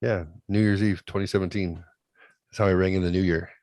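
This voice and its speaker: A man in his thirties telling a story in a casual, profane, animated way, swinging between loud outbursts and quiet asides. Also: low-pitched, brisk, dry recording. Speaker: podcast host.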